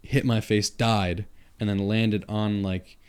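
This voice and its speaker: A young man with a thick Long Island accent sits in for a casual podcast chat. His voice sits on the low side as he spins animated, swear-filled stories. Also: slow pace, clean tone. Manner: animated, profane storytelling. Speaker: podcast guest.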